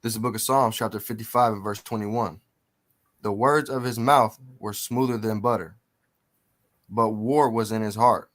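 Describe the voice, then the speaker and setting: A man on a call reading Bible verses aloud in a steady, measured way. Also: lowish voice. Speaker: participant reading scripture. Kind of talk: scripture reading.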